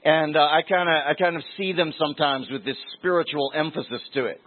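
Higher-voiced man preaching over a tinny line. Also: fairly quick. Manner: conversational, repeats key phrases for emphasis. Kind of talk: sermon. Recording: tinny phone-like sound.

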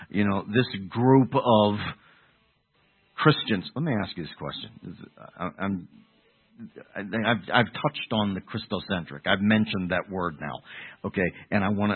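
Slow husky preacher on a tinny line. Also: male voice, on the low side. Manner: rambling, restarts, rhetorical questions to the congregation. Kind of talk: sermon. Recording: tinny phone-like sound.

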